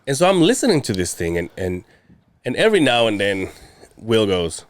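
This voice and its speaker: Brief: lowish male co-host, lively swooping pitch, crude and rambling, close dry mic. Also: normal speed, no room sound. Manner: crude, rambling, with many restarts. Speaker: podcast co-host. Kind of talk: casual comedic chat.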